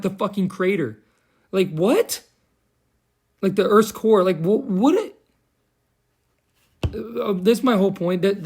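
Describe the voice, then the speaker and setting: A young man giving a heated, profane, sarcastic commentary rant as a vlogger. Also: fairly high pitch. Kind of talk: ranting commentary.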